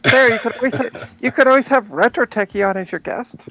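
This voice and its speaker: A woman's voice: on the high side, quick pace, background noise. A woman from Canada chatting playfully as a guest on a livestream call. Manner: playful, laughing. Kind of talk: casual group chat on a video call.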